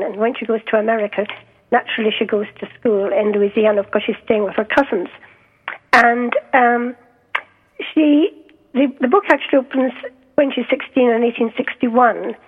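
A Scottish woman talks over a tinny phone line, her voice pitched a little high. She is an author being interviewed, and she speaks hesitantly, filling gaps with ums and going back over her own words. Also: husky. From Scotland. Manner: hesitant, many ums and restarts.

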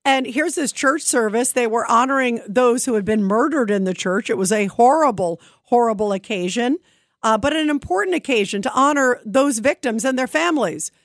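A woman's voice: on the high side, animated, moderate pace, dry recording, studio quality. A woman hosting a talk radio show, delivering an opinionated monologue in an emphatic, indignant way with rhetorical questions.

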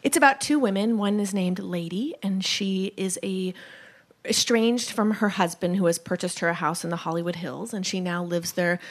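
A woman who is an author, answering a host's questions in a calm, measured way. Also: mid-range voice. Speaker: guest author. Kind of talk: interview answers.

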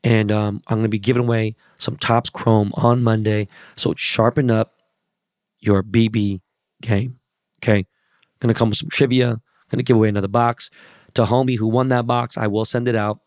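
A middle-aged man hosting a casual solo podcast, hoarse from losing his voice, talking in a loose, profane, hyped way with plugs and shout-outs. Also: lowish voice, fairly even intonation, normal speed, no room sound, clean studio sound. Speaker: podcast host.

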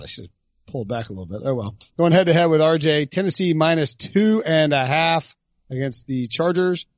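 A chatty man hosts a casual betting podcast, talking through his picks aloud. His voice sits slightly high. The audio is dry and a bit dull, with faint music behind him. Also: dry recording. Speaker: podcast host.

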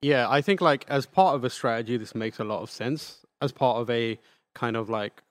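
A man's voice: medium pitch, moderate pace, dry recording. A man appearing as a guest games journalist on a podcast, thinking aloud in casual chat, full of likes and restarts.

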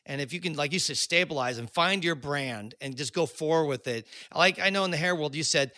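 A man hosting a casual industry podcast chat, upbeat and chatty with quick asides. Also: on the high side, bright, forceful tone, no room sound, clean studio sound. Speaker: podcast host.

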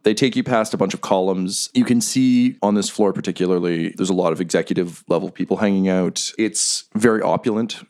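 A man narrating a tabletop game as game master in a relaxed, descriptive manner. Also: low-pitched, creaky.

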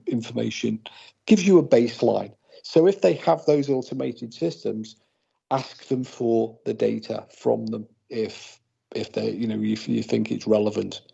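A man with a gravelly, husky voice and a dark, mellow tone, explaining things patiently over a muffled, lo-fi remote call. He rambles and restarts as he thinks aloud. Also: mid-range voice. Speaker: co-host, paranormal investigator. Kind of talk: casual podcast chat.

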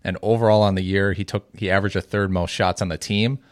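A man analysing fantasy basketball picks in a casual podcast chat, measured and hesitant with many fillers. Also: deep voice, steady tone, no room sound, clean studio sound.

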